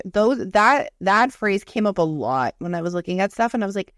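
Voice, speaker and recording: A woman's voice: mid-range voice, animated, fairly quick, dry recording, clean studio sound. A young woman co-hosting a podcast in casual chat, blunt and profane, often acting out what coworkers say. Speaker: podcast co-host.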